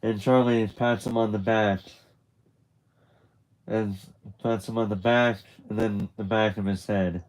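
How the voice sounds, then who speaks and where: A man's voice: fairly low pitch, steady tone, unhurried, pauses often, darkish tone, poor audio. A man narrating a graphic novel aloud on a live stream, casual and chatty, with restarts and asides. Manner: loose and chatty, with restarts and laughter.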